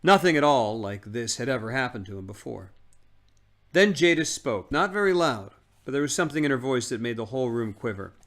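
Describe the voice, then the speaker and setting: A man's voice: medium pitch, fast talker, few pauses, a bit bright. Man reading a novel aloud on a stream. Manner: casual asides between narration.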